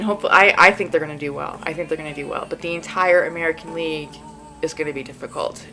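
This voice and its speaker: A woman's voice: sits low, a bit bright, poor audio. A woman hosting a casual solo podcast, sleepy and just out of bed, rambling with lots of "like" and frequent giggles. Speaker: podcast host.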